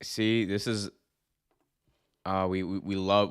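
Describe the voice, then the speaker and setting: A man's voice: low-pitched, slow, clear, resonant tone. A young adult man hosting a wrestling show, ranting casually to his viewers, repeating points and restarting sentences as he goes. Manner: animated, repeats himself, frequent restarts and fillers. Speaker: wrestling podcast host. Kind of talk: casual opinion rant to live viewers.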